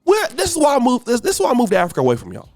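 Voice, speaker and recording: An American man with a high, very lively voice rants through a podcast commentary. He preaches emphatically, jumping between raised outbursts and low mutters. The sound is close and dry, with faint music underneath. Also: racing, dry recording. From United States. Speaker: podcast host. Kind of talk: ranting commentary monologue.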